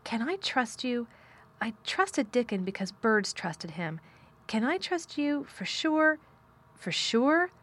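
A woman's voice: fairly high pitch, very animated, slow pace, a bit bright, voice pushed up, full character voice. A woman reading aloud, voicing a blunt, sour-tempered young girl in a storybook, frank and plain-spoken.

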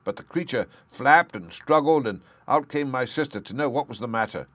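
A man's voice: medium pitch, lively intonation, normal speed, fairly bright tone, dry recording. A man reading aloud plays a frightened young thief pouring out a pleading confession, his voice raised and urgent. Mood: anguished.

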